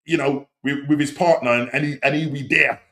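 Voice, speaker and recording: A middle-aged man hosting a casual live-stream chat, rambling and leaning on "you know what I mean", with sudden excited outbursts. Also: fairly high pitch, fairly quick. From England. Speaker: podcast host.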